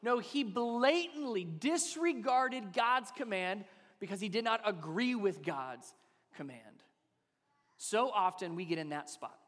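A male pastor in his thirties delivers a sermon in a fairly high voice, keeping it conversational and full of rhetorical questions. His words ring out with the long reverb of a large church hall. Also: a bit bright.

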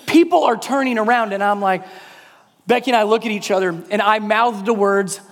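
A man with a strikingly high voice tells a sermon story from the pulpit, his words trailing into a long, echoing reverb. He shifts into loud, squealing voices to act out his children. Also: normal speed. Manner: animated, acts out kids' voices in high shouts. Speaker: pastor.

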